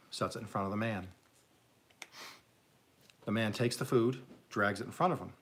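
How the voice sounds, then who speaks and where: A man's voice: lowish voice, a bit bright. A man hosting a live stream, casually telling jokes as a rambling, chuckling storyteller. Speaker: livestream host.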